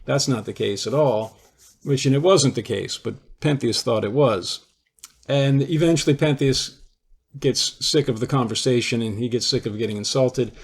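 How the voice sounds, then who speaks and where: A man's voice: mid-range voice, moderate pace, husky. A man giving an informal lecture. He retells a classic play in a conversational storytelling way, with frequent restarts. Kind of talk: informal lecture explaining a theory.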